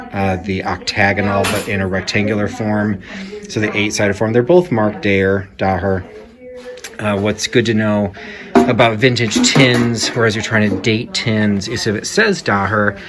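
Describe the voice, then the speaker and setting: A man's voice: lowish voice, flat delivery, moderate pace, crowd noise. A man giving conversational walk-through commentary while browsing an antique shop, explaining items with frequent fillers. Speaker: antique reseller vlogger. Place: antique shop in a Victorian house.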